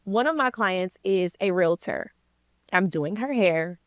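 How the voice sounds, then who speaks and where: Slangy woman telling a lively story. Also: medium pitch, measured pace, dry recording. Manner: lively storyteller, slangy, acts out quoted people. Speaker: interview guest, credit repair coach. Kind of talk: casual storytelling in an interview.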